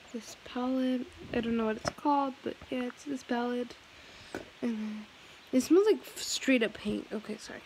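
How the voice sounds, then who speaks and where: This vlogger is a young woman in her teens, speaking in a somewhat high, slightly mellow voice. Chatting at home, she meanders through her thoughts with plenty of fillers and false starts, captured on a noisy recording.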